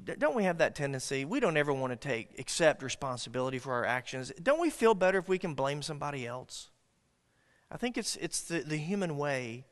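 A man's voice: on the high side, very animated, a little fast, in a large hall. A man preaching a sermon as pastor, earnest and dynamic, often restarting his words.

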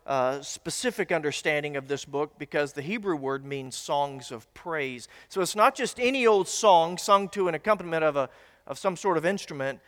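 Long hall reverb fills this church sanctuary recording of a pastor whose voice is a little high, fairly bright, clear and resonant. He preaches a teaching sermon to the congregation in a folksy, conversational manner with small asides.

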